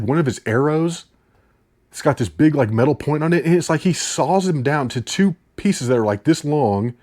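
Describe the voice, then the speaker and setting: A man's voice: medium pitch, darkish tone. A man reviewing a movie in a casual, incredulous rant, swearing casually.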